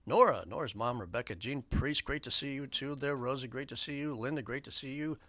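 A man hosting a community radio show, giving rambling shout-outs and station announcements with lots of fillers in an upbeat way. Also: medium pitch, fairly quick, no echo. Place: radio studio. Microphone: studio microphone.

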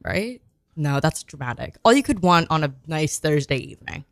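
A woman's voice: low voice, very animated, normal speed, no room sound. A woman hosting a radio show, chatting casually and giggling, with lots of fillers, on a close studio mic.

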